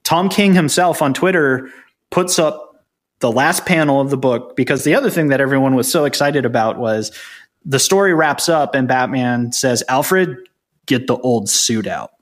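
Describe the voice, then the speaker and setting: Chatty man explaining with a chuckle. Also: medium pitch. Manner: explanatory, brisk, chuckles often. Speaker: podcast co-host. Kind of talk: casual chat.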